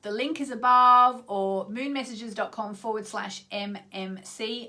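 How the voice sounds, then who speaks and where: A woman's voice: fairly high pitch, normal speed, few pauses, sharp tone. A woman astrologer talking to her viewers in a casual, rambling vlog, full of asides. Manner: chatty, rambling, many asides. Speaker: astrologer hosting her own channel.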